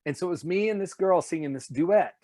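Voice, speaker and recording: Animated man telling stories, dry sound. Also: high-pitched, brisk, dry recording. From Nashville, USA. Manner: animated, slips into announcer voices and laughs while telling stories. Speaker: voice actor and singer, guest. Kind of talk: casual interview storytelling.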